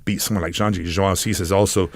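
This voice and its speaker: A middle-aged man with a low, deep voice tells a long story as a podcast guest. He talks in halting bursts, restarts his sentences, and slips into the voices of the people he quotes. The sound is dry and close, with no room echo. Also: gravelly. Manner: halting, animated storyteller who acts out quotes. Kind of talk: casual storytelling interview.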